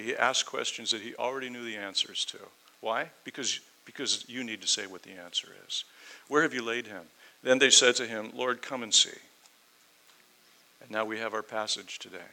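A man preaching a sermon, reading scripture aloud and then explaining it in a conversational way, swinging between loud emphasis and quiet asides. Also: on the low side, normal speed, vocal fry, low-quality recording. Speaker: pastor. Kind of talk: sermon, verse-by-verse Bible teaching.

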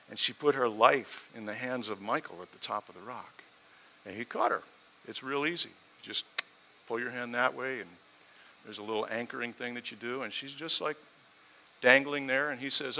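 A man's voice: mid-range voice, normal speed, creaky, sharp tone, slight background noise. A man preaching a storytelling sermon, building his points through emphatic repetition.

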